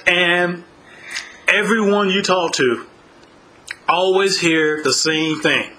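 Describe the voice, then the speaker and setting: Bright-voiced man telling laughing stories. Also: high-pitched, slow pace, a little hiss or hum, poor audio. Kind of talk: casual chat, storytelling.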